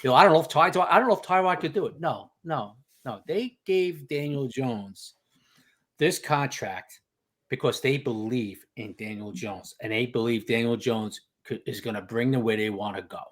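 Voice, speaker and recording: Mid-range and fairly bright, this man's voice moves at a normal speed. He's an insider guesting on a sports podcast, chatting casually and emphatically and sprinkling his stories with "okay" and "you know."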